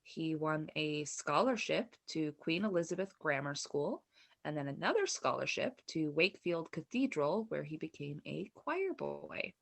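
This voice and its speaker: A woman's voice: low voice, big pitch swings, unhurried, gravelly. A woman co-hosting a comedy podcast, recounting a true crime story in a casual, chatty way with frequent laughs. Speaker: podcast co-host.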